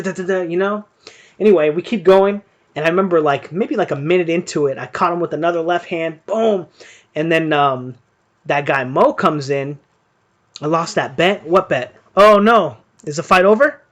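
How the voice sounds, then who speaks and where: A young man with a slightly high voice tells a long story in a loose, rambling way. He fills his talk with "like" and swears often, keeping it casual. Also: lo-fi sound. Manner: rambling, profane, lots of fillers. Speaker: boxing stream host. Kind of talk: casual storytelling during live fight commentary.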